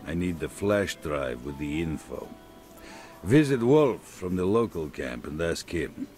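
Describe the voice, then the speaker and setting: Gruff game trader, real deep voice, swings up and down a lot, curt with ya, faint music behind. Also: male voice, very animated, unhurried, darkish tone. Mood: brusque. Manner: curt, dismissive. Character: gruff middle-aged male trader. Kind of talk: video game voice acting.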